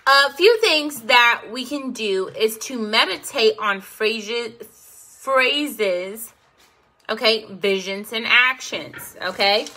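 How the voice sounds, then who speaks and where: A woman teaching a meditation class, talking slowly and checking in with listeners by asking "okay?" again and again. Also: on the high side, pushed and bright. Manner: slow, repeats "okay?" to check in.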